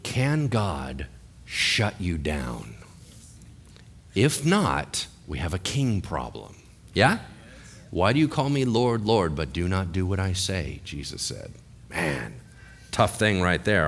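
A man preaching a sermon, telling a Bible story with animated acted-out voices and asking his listeners questions. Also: sits low, slow, gravelly. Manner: animated storytelling, acts out quoted voices, asks the audience questions. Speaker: pastor.

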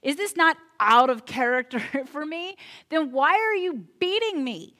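A woman voicing a meek, faithful male donkey who pleads in a high, bright voice. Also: expressive, a little slow, heavily acted. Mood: pleading.

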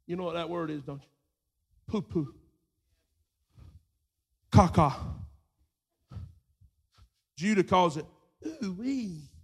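A male preacher with a high, light voice delivering a sermon. He swings from hushed storytelling up to shouted, fervent preaching, and acts out the voices of the people in his story. His pitch sits well above most men. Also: lively intonation, slow, vocal fry, pauses often, breathy edge.

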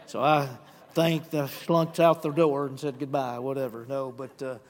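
A man's voice: mid-range voice, level tone, normal speed, long reverb tail. A man preaching a sermon as pastor, earnest, acting out scripture quotes and speaking directly to the congregation. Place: church sanctuary.

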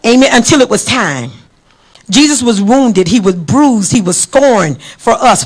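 A guest preacher delivering a fervent sermon in a mid-range voice. The delivery lurches from ringing, raised lines down to quiet, low ones, with amens and praise Gods scattered throughout. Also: animated, moderate pace. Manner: passionate, swings between loud calls and hushed lines; fillers like amen and praise God. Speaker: guest pastor.

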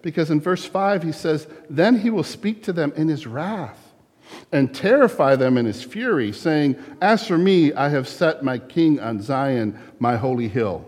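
A middle-aged man, a pastor, preaching a sermon in a relaxed conversational way, with small laughs and acted asides. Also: on the high side, slightly rough, in a large hall. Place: church.

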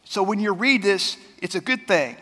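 A man preaching a sermon as pastor, talking in a conversational way that swings between loud and soft. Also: high-pitched, animated, moderate pace, long reverb tail. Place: church sanctuary.

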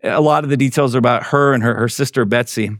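A man's voice: mid-range voice, quick pace, a bit bright, dry recording, clean studio sound. Earnest male pastor preaching. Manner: earnest, conversational, with restarts. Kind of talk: sermon.

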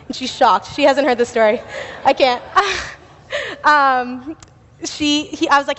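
Young woman preaching, high voice, chatty with lots of fillers, big echoey church hall. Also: fairly even intonation, a little slow, fairly bright tone. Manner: chatty storytelling with laughs and fillers. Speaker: youth speaker at church. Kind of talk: sermon with personal story. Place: church sanctuary.

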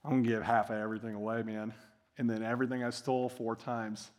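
A man voicing a repentant former tax collector in a sermon retelling, speaking softly and haltingly. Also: medium pitch, little pitch movement, voice pushed down, natural voice. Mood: earnest.

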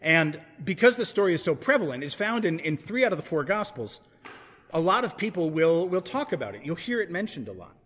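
A man with a fairly high voice preaches to a church congregation. He talks in a relaxed, conversational way and often restarts a phrase mid-thought. His voice trails off into a long church reverb. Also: brisk, slightly rough. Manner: conversational, thinking aloud with restarts. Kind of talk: sermon.

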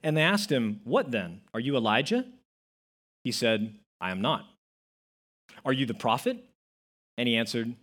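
A man's voice: mid-range voice, husky. A man preaching a sermon as pastor, telling stories with acted-out quotes and stressing key words. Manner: storytelling with acted-out quotes, emphatic.

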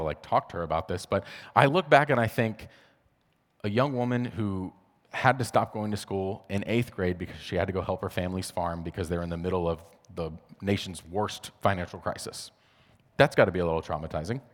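A young adult man preaching a casual sermon in a conversational way, with frequent "like" fillers. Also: fairly low pitch. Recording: reverberant hall.

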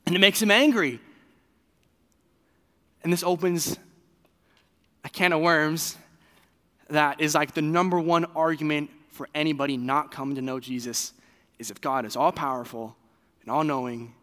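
A man preaching a sermon in a loose, conversational way, full of fillers and quick restarts. His voice is fairly high, bright and forceful. A long reverb trails his words. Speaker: pastor.

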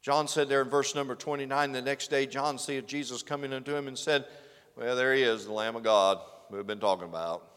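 A man preaching a sermon, swinging from loud exclamations to hushed, earnest lines. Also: mid-range voice, fairly quick, smooth. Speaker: pastor. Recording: preaching in a reverberant hall.

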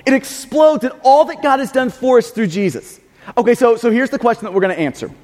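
High-voiced emphatic male preacher in a reverberant hall. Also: brisk, darkish tone. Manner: emphatic, repeats words, frequent restarts. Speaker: pastor. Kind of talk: sermon.

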